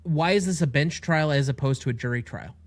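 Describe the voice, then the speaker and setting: A man co-hosting a podcast, picking apart a show's legal details in a measured, analytical way. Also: on the high side, no room sound. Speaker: podcast co-host. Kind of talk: casual TV recap chat.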